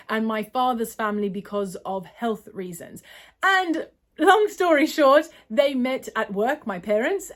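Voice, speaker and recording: A young adult woman from Australia answering viewer questions in a casual, long-winded way, often correcting herself. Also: a little high. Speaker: vlogger and poet. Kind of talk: casual Q&A chat.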